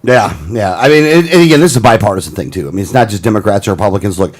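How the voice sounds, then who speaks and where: A man's voice: on the low side, racing. A male co-host bantering jokily about politics on a talk radio show, rambling and joking. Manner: rambling, jokey, breaks into bad impressions.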